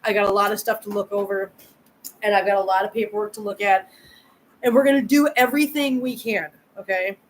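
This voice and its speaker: A woman's voice: medium pitch, fairly even intonation, a little fast, a little hiss or hum, rough recording. A woman hosting a live chat with viewers. She talks chattily, repeats words and answers comments directly. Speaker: channel host.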